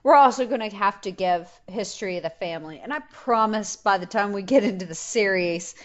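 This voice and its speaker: A woman's voice: medium pitch, fairly quick. A woman co-hosting a casual history podcast, swearing freely, teasing and laughing often. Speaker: podcast co-host. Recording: dull lo-fi podcast audio.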